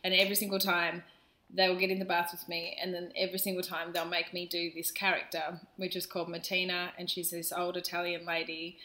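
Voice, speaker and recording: Bright, playful woman in her thirties. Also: on the low side, flat delivery, a little fast, roomy sound. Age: 30s. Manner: playful, laughs often, teasing. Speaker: podcast co-host. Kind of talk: casual chat.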